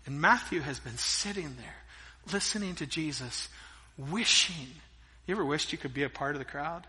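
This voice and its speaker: Middle-aged male pastor, animated storyteller, high and piercing tone. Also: normal speed. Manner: energetic storytelling preacher, swinging between loud emphasis and hushed asides. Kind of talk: sermon. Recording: long reverb of a large hall.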